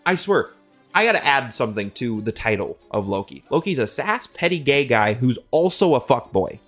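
A man riffs through a comedic monologue in a rambling, profane way. He sounds incredulous, and his pitch jumps around a lot. Faint music plays behind him. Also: sing-song, moderate pace, a bit bright. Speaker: host.

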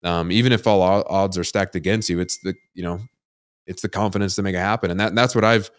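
A man's voice: low-pitched, steady tone, fast talker, no echo, studio quality. A man hosting a podcast, talking candidly and rambling, with many fillers like "like" and "you know". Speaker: podcast host. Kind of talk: casual podcast interview.

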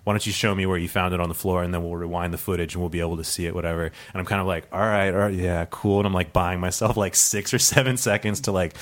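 Low-voiced man telling a rambling story. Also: steady tone, fast, hardly any pauses. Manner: rambling, laughing, acting out voices of others. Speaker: improv comedian telling a true story. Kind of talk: storytelling for a live audience.

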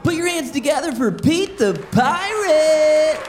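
A woman's voice: high-pitched, expressive, a little slow, loud music behind the voice, over a noisy crowd. A woman hosting a family comedy podcast in an upbeat, playful way. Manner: upbeat, playful, tells a warm-up joke. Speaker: show host. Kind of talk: introducing a kids' comedy podcast.

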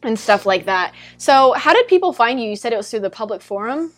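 A woman's voice: fairly high pitch, very animated, brisk. A woman hosting a podcast, chatty and upbeat as she asks questions. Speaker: podcast host. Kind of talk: casual podcast interview.

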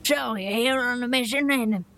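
A woman's voice: fairly high pitch, normal speed, a bit bright, faint music behind, voice pushed up. A woman voicing a wary older male farmer with a thick Southern accent, curt and suspicious. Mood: gruff.

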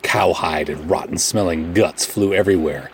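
A man reading a first-person pulp adventure audiobook in a measured, matter-of-fact way. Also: sits low, slight background noise. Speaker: narrator.

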